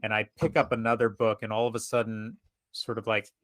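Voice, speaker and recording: A man playing a tabletop role-playing game, narrating his character's actions in first person, animated and profane. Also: fairly low pitch, fairly quick, dry recording. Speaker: player.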